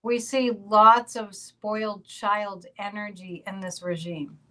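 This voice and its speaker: Bright-voiced chatty woman podcast host. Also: mid-range voice, fairly even intonation, slow, poor audio. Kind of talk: casual conversational podcast.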